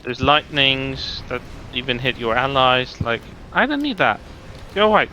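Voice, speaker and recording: A man's voice: mid-range voice, big pitch swings, unhurried, bright, forceful tone, highs cut off, a little hiss or hum. A man chatting casually while gaming, grumbling and restarting his words. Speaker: co-host gaming on stream.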